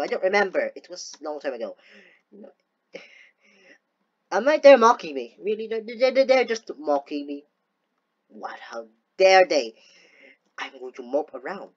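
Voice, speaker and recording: Excitable woman narrating her gameplay. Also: lowish voice, muffled recording. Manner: excitable, talks to herself, bursts into playful theatrical gloating. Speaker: gaming video host. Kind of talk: casual gameplay commentary.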